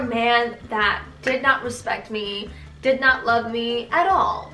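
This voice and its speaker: A young woman from Tanzania tells a candid, sarcastic storytime vlog with plenty of slang and swearing. Her voice sits high and sounds bright and sharp. The room adds a noticeable echo. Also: fairly even intonation, slow, distant mic, faint music behind. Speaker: vlogger. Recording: roomy echo, voice a bit off-mic.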